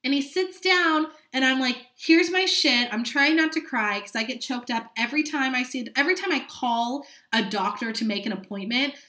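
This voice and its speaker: A Californian woman in her late twenties hosts a candid solo podcast, venting frankly with heavy swearing and dramatic asides. Her high voice is bright and forceful, fairly quick with hardly any pauses, and the sound is reverberant.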